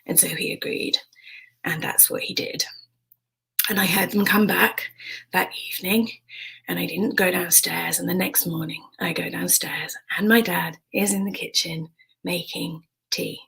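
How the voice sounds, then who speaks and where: A British woman in her forties telling a frank personal story in a hushed, intimate way. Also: fairly low pitch, fairly even intonation, measured pace, gravelly, slightly rough, low-quality recording. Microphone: streamed stage mic.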